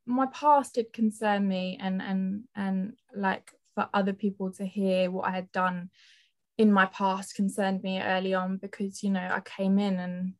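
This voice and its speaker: Hesitant young woman, flat delivery. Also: mid-range voice. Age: young adult. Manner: hesitant, halting with restarts. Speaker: podcast guest. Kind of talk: casual personal storytelling.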